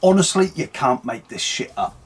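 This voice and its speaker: A man's voice: mid-range voice, sing-song, normal speed, slightly rough. A man hosting an angry, sweary political rant, mocking and heated. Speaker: online commentary host.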